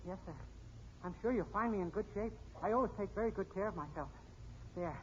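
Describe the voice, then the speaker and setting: A man's voice: sits high, fairly quick. A young man in his twenties playing himself as a meek, naive rookie in a 1940s radio comedy. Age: 20s. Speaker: comedy star of the show. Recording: dull old radio broadcast with hiss.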